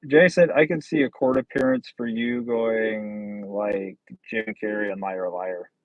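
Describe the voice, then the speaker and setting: A man's voice: on the low side, fairly even intonation, measured pace, no echo, muffled recording. Blunt, sardonic man on a livestream. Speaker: livestream host. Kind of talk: casual livestream chat reading comments.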